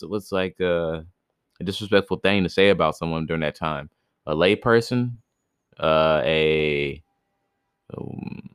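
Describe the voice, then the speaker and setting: Reading a myth aloud for his podcast, a man with a low, smooth voice stops now and then for casual, slangy jokes and stumbles over names. It's recorded in studio quality with no echo.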